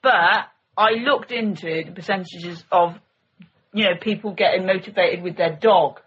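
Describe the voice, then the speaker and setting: A woman's voice: on the low side, moderate pace, a bit bright. A woman, co-hosting a podcast in a chatty, informal way. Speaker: podcast co-host. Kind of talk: casual chat. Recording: dull lo-fi with faint hiss.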